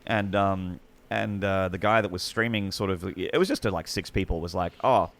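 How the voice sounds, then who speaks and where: An Australian man, a guest esports commentator, telling rambling, excitable stories in casual chat. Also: low-pitched, normal speed. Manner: rambling, excitable anecdotes with many restarts.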